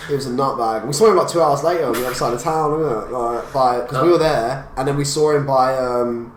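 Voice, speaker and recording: A man's voice: medium pitch, fairly quick. A young man hosting a podcast, chatting casually and telling stories in slang. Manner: slangy storytelling, acts out quotes. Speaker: podcast host. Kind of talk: casual chat. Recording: roomy, background noise.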